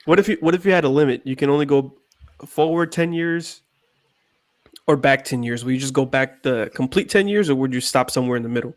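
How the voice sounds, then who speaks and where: A man's voice: medium pitch, a little fast. A man co-hosting a casual podcast chat. He is laid-back, swears a lot and laughs often. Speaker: podcast co-host.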